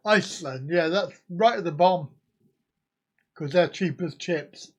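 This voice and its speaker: A man's voice: on the high side, measured pace. A man from the UK, hosting a casual live stream and joking while reacting to viewer comments.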